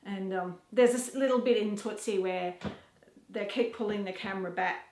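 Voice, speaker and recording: A woman's voice: mid-range voice, moderate pace, a little mellow, slight background noise. A woman with an Australian accent chatting casually to camera in her home kitchen, rambling from one thing to the next and laughing often. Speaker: vlogger. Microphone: camera set down nearby. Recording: echoey room.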